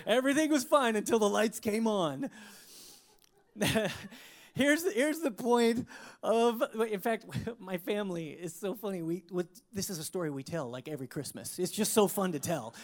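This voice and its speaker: Preacher, sermon, storytelling, expressive, laughing, restarts. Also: medium pitch. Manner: expressive, laughs while telling stories, many restarts.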